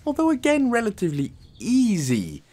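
Joking Welsh man with a lively voice. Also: sits high, normal speed. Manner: joking, chatty, self-mocking. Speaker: gaming channel host. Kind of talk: casual gameplay commentary.

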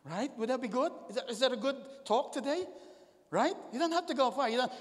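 A male pastor preaching a sermon in a high, animated voice. He swings between loud, ringing calls and hushed asides to the congregation. The sound carries long reverb from a large church hall. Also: fairly quick.

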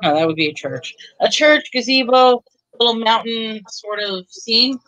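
A woman's voice: fairly high pitch, unhurried, a bit bright, lo-fi sound. A woman selling items on a live online auction, chatty and bubbly as she pushes her bargains. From Texas. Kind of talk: live sales pitch.

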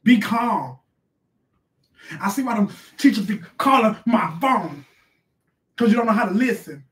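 A man's voice: sits high, animated, a bit bright. A man playing a sassy, bossy mom. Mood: scolding. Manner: scolding, brash, quick to snap at the kids. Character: bossy, sassy middle-aged mother on a live stream. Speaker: live stream host reading donations. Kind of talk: comic live-stream character sketch. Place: bedroom at home.

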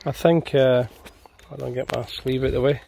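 A man's voice: mid-range voice, steady tone, normal speed, vocal fry, dark tone, a little hiss or hum. A man giving a casual walkthrough in a vehicle workshop. His voice is muffled by a face mask, and he keeps checking for agreement with tag questions. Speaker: charity workshop vlogger.

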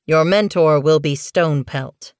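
A woman's voice: low voice, unhurried, darkish tone, clear, resonant tone, no room sound, clean studio sound. A woman voicing a stern male cat clan leader speaking formally in a storybook. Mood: solemn. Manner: formal, ceremonial delivery.

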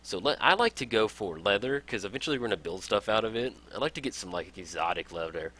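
A man's voice: on the low side, expressive, fast talker, a bit bright. A young man casually talking through a strategy game as a let's play host, upbeat and enthusiastic, laughing often. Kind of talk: casual game tutorial commentary.

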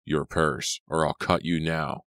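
A man doing a raspy drunken young thief. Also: very deep voice, steady tone, fairly bright tone, no room sound. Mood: menacing. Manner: slow threatening growl.

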